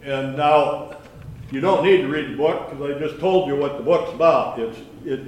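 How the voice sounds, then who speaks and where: A man giving a conversational sermon with scripture reading, folksy and halting, with many restarts and asides. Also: on the high side, darkish tone. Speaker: lay preacher. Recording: echoey room from far off.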